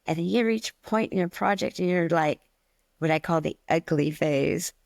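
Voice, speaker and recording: A woman co-hosting a casual podcast chat, telling animated stories about teaching stained glass classes and acting out her students' worries. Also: lowish voice, normal speed, vocal fry, dry recording. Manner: chatty, animated storytelling with acted-out quotes.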